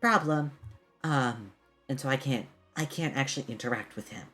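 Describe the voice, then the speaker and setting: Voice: mid-range voice, normal speed, a bit bright, soft background music, close to an everyday voice. A game master voicing Fate, a secret minor god who talks bluntly and casually and swears. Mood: breezy.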